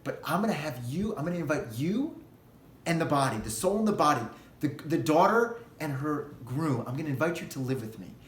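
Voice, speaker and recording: A man voicing God as a hushed loving father. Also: a little high, lively intonation, brisk, reverberant, natural voice. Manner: soft, hushed, tender.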